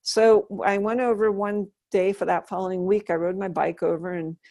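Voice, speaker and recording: A woman's voice: mid-range voice, steady tone, normal speed, mellow, no echo, studio quality. A middle-aged woman telling her life story in an interview, earnest and thoughtful, often restarting her sentences. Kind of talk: reflective personal storytelling.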